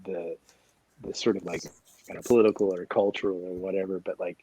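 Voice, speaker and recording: A man's voice: sits low, steady tone, brisk, mellow, low-quality recording. A man in a casual roundtable chat, joking and riffing on silly ideas. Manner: jokey, riffs on silly ideas.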